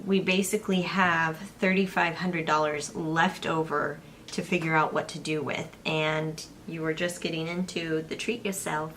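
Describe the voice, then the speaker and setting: A woman's voice: low voice, steady tone, measured pace, a bit bright, a little hiss or hum. A young woman co-hosting a casual personal finance vlog, chatting and walking through budget figures step by step. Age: young adult. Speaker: personal finance vlogger, co-host. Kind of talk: casual chat.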